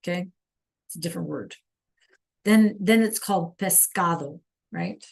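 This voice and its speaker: A woman teaching a live online language class, slowly sounding out words for students to repeat and encouraging them by name. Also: on the low side, gravelly, a little mellow. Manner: slow careful enunciation of words for students to repeat. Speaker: Spanish teacher.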